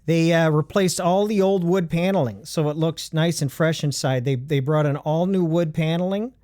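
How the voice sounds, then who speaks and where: A man hosting a comedy show, rambling, halting and full of fillers and restarts. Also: a little high, mellow, dry recording, studio quality. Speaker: comedy podcast host. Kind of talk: deadpan rambling comedic monologue.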